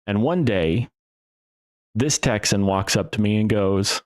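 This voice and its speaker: A man with a fairly low voice hosting a podcast monologue, taking his time over each thought. He drifts, restarts his sentences and drops a casual curse here and there. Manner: rambling and profane, with restarts and trailing pauses. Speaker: podcast host.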